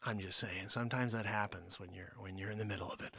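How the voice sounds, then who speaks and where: A man hosting a live-streamed comedy show, talking to his viewers in a hyped, animated way. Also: lowish voice, fast talker, creaky, hardly any pauses, husky, dry recording, clean studio sound. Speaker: host.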